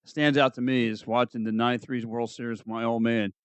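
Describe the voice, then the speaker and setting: A man's voice: medium pitch, level tone, fairly quick, clear, resonant tone, no echo. A man in his thirties, co-hosting a podcast with a laid-back, joking manner. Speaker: podcast co-host. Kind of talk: casual chat.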